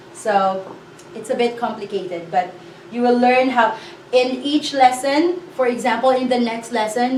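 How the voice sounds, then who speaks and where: Female language teacher, fairly high voice, slow and patient, recorded a little off-mic in a roomy space with faint hiss. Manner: patient, repeats example sentences slowly, checks with "okay?". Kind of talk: slow explanatory lesson. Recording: echoey room, voice a bit far from mic, faint hiss.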